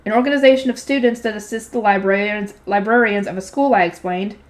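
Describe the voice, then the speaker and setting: With a mid-range voice and a quick pace, a young woman works through a light novel aloud, lightly performing each character and stepping out for casual, slangy remarks.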